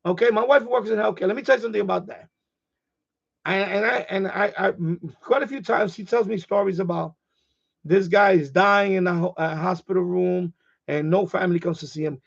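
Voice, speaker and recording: A man's voice: high voice, fairly quick, gravelly, dull audio. A man hosting a casual ham radio live stream, rambling and repeating himself as he gets heated.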